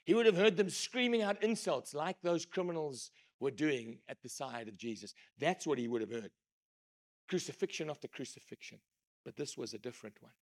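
A man preaching a sermon, emphatic storytelling that swings between loud and hushed. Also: on the high side, expressive, normal speed.

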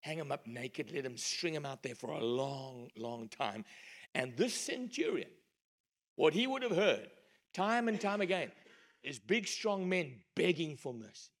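A male preacher delivers a sermon through storytelling. His voice is gravelly and a little high. He swings between forceful emphasis and hushed, dramatic lines. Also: sing-song, unhurried.

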